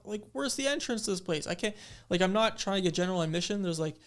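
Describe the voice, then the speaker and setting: A young man recounting an old story while reacting to his own videos, talking casually with plenty of "like"s. His voice sits a little high and comes through smooth and clear. He gets animated and acts out the people in the story as he talks. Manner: animated storyteller, acts out quoted exchanges, many fillers.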